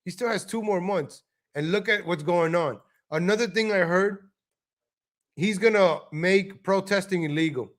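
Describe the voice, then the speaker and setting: High-voiced ranting New man. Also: normal speed, fairly bright tone. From New York. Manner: heated, mocking, profane rant. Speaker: live stream host. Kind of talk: live stream commentary over a video.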